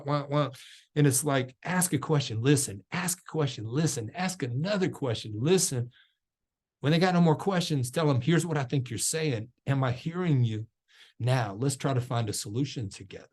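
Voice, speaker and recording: Male trainer, motivational speaker, conversational storyteller, rhetorical questions, video call, mid pitch. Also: darkish tone, husky. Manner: conversational storytelling, many rhetorical questions, says "man" often.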